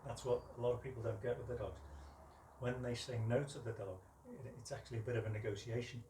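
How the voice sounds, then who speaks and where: A man teaching dog training outdoors, explaining calmly between high, sharp commands to his dog. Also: quick pace, slight background noise. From United Kingdom. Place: outdoors with ambient noise. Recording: roomy, distant from the mic, faint ambience.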